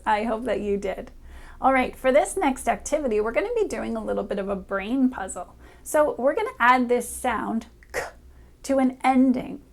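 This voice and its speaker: A woman reading teacher who talks brightly and encouragingly to a young child, sounding out letters slowly and clearly. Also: a little high. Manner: cheerful, encouraging, speaks directly to a child. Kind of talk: upbeat children's reading lesson.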